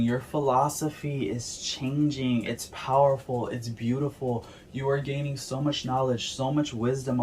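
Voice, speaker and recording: A man's voice: mid-range voice, a little hiss or hum. A man giving an earnest spiritual tarot reading to camera, often checking in with "okay?" and "right?". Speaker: tarot reader.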